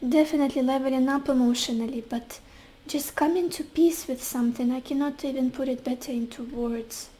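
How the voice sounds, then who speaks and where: Mellow-voiced woman giving a tarot reading. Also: high voice, fairly even intonation, low-quality recording. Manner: soft, searching, often pausing with fillers. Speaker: tarot reader. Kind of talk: casual tarot reading to camera.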